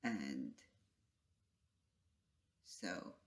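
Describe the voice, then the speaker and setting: A vlogger retelling a story in a soft, halting, emotional way, with trailing phrases and whispered asides. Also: rumbling low, big pitch swings. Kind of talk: casual spoken vlog retelling.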